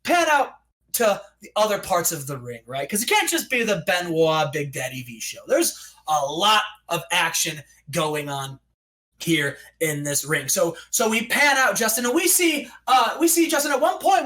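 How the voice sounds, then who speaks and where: A man casually recapping a wrestling simulation game, telling it like an excited announcer and playing the crowd. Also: very high-pitched, moderate pace, recorded from a distance, low-quality recording. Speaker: podcast co-host recapping a wrestling sim. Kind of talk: casual chat.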